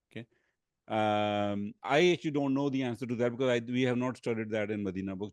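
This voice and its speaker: Guy teaching grammar online, keeps saying uh, dry sound, mid pitch. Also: a little mellow, dry recording. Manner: explanatory, hesitant with frequent fillers. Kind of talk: online class discussion.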